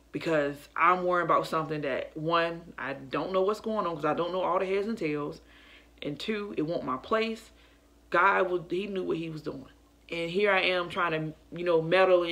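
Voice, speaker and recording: A woman's voice: deep voice, gravelly, fairly bright tone. Earnest young woman sharing a dream. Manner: earnest, emotional, addresses viewers as y'all. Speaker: faith vlogger. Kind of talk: casual testimony to camera.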